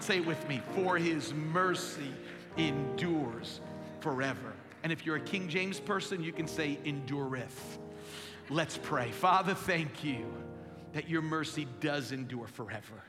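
A pastor preaching a sermon to his congregation in a large church, emphatic and animated, asking the crowd questions. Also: fairly high pitch. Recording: long hall reverb with live music behind. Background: instrumental music.

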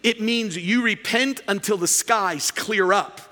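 A man preaching a sermon as pastor, animated and rising to shouts for emphasis. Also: sits high, measured pace, in a large hall.

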